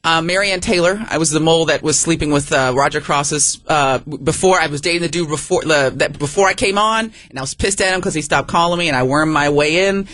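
A woman comedian from San Francisco, a guest on a radio interview, telling stories in a rapid, animated, joking way. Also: sits low, dry recording. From San Francisco, USA. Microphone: studio microphone.

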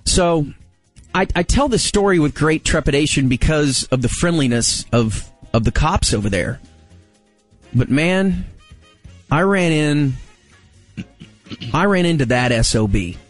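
Male host in his forties, animated storyteller who acts out the voices. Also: unhurried, pauses often, soft background music. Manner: animated, acts out quotes with big pitch jumps. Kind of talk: casual storytelling chat.

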